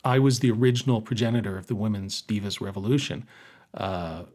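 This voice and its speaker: A man co-hosting a casual podcast, talking in an animated, joking way. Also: on the low side. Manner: animated, joking, quick to riff. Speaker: podcast co-host. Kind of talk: casual chat.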